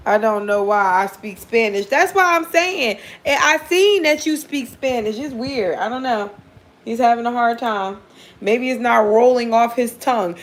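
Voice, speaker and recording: A woman giving a casual live tarot reading for viewers, blunt and profane, often laughing as she talks. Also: a little high. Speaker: tarot reader.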